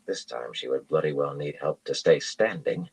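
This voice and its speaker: A man reads a fantasy novel aloud at a steady, even pace. His voice is extremely deep and has a husky grain to it. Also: moderate pace, rough recording. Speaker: audiobook reader.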